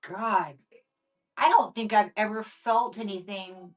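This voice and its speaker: A woman co-hosting a live shopping stream, animated and gushing as she chats about the items. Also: mid-range voice, takes it slowly, recorded from a distance, rough recording. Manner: animated and gushing, laughs easily. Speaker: co-host.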